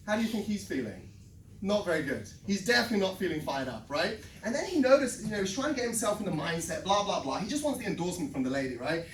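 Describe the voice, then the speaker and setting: A sales trainer giving a lively live workshop talk to a room, telling a story and checking in with the audience by asking "right?". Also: medium pitch, slight background noise. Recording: echoey room, mic at a distance.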